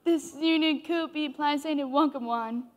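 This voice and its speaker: A teenage girl as a gentle, solemn young tribeswoman with a high voice. She speaks slowly, and the sound rings out across a large hall. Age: teens. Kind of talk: live stage acting. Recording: long hall reverb.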